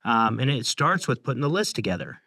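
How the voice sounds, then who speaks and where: A man leading a real estate brokerage's training program, talking reflectively and halting often with fillers. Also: medium pitch, very animated, sharp tone, no echo. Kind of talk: casual business discussion.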